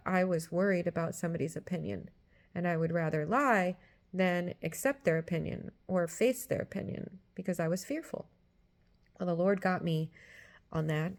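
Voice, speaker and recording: A woman in her forties or fifties giving a Christian teaching talk, emphatic, acting out quoted voices with sudden leaps in pitch and loudness. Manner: emphatic, acts out voices with big pitch jumps. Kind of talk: teaching sermon.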